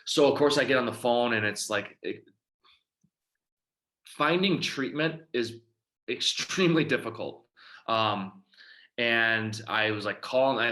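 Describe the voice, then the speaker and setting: A man, telling his own recovery story in a halting way, full of fillers and often trailing off quietly. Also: medium pitch. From Detroit, Michigan. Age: 30s. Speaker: recovery outreach speaker. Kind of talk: personal testimony talk.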